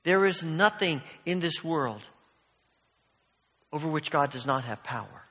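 Man, pastor, sermon, conversational storytelling, bright tense voice, reverberant church. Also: on the high side, lively intonation, unhurried. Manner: storytelling, conversational, many asides. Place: church sanctuary. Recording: long hall reverb.

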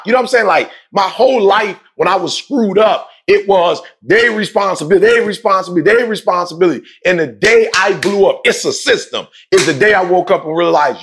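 Emphatic high-voiced man with gravelly edge. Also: brisk, few pauses, a little hiss or hum. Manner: emphatic, repetitive, slangy, animated. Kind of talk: passionate conversational storytelling.

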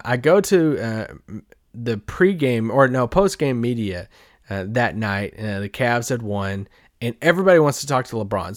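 In a studio-quality recording with no room sound, a man with a mid-range voice hosts a podcast. As a sports reporter, he rambles through an anecdote in a casual way, frequently breaking into laughter.

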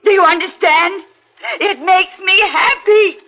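An actress playing a hateful, unstable woman in a 1950s radio drama, halting one moment and gloating the next. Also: very high-pitched, sharp tone, full character voice, poor audio. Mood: menacing. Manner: halting, then gloating and menacing. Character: unhinged, hate-filled younger sister with a knife.

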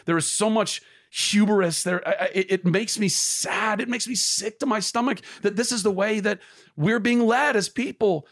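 Impassioned high-voiced man. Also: normal speed, a bit bright. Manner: earnest and impassioned, swears freely, drops into whispers. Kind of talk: casual conversation.

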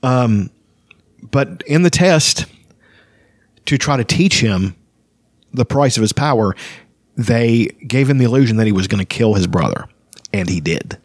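A man's voice: medium pitch, lively intonation, a little slow, pauses often, dry recording, clean studio sound. A man hosting a casual book talk, rambling with frequent restarts. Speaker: podcast host discussing a fantasy novel. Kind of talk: casual chat and reading aloud.

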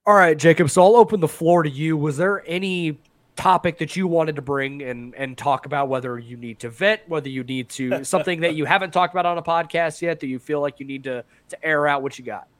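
A man's voice: a little high, a little fast, no room sound. A man hosting a sports podcast, chatting casually and restarting his sentences as he goes. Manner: conversational, trails into restarts. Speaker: podcast host.

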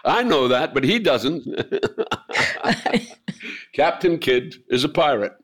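A man's voice: on the high side, expressive, takes it slowly, a bit bright, husky. A Scottish man, a guest actor in an interview, telling emphatic anecdotes and swearing freely. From Scotland. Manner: emphatic, swears freely, acts out quoted voices.

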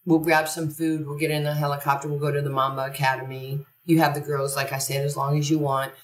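A woman's voice: low voice, level tone, fast talker. A woman, a podcast guest, telling a story conversationally and animatedly, acting out quoted dialogue. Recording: roomy echo from a distant mic.

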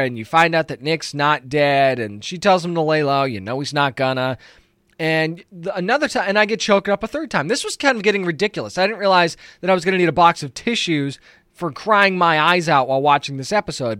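Man reviewing a TV episode, enthusiastic and rambling, slightly raised pitch, dry recording. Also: a bit bright, no echo. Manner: enthusiastic, rambling, lots of fillers. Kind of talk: casual recap and review.

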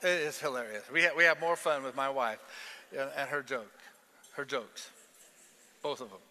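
A man preaching a lively sermon to a church congregation, telling a joke and calling for responses from the listeners. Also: medium pitch, normal speed, a little hiss or hum. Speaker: pastor. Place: large church hall. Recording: long hall reverb.

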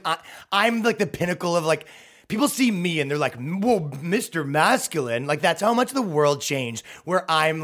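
A man's voice: on the high side, a bit bright. Sarcastic, swearing male podcast host. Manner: sarcastic, profane, rambling rant. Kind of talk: comedic monologue.

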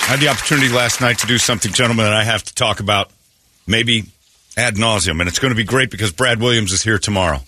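A man's voice: fairly low pitch, heavy background noise. A man hosting a morning radio show, telling a story in a joking, laughing way. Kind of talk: casual radio banter. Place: radio studio.

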